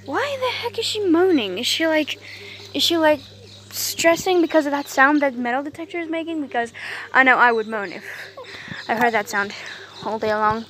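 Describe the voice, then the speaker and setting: A woman's voice: high voice, animated, normal speed, fairly bright tone. A woman from Africa, vlogging in a casual, rambling way outdoors in a garden and cooing at her dogs. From South Africa. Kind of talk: casual vlog chat.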